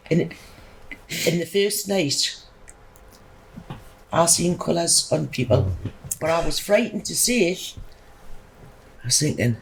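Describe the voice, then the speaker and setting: A woman's voice: deep voice, lively intonation, slow, long pauses, a little hiss or hum, rough recording. A middle-aged woman, chatting emphatically as a podcast guest and telling a rambling personal story. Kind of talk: casual storytelling.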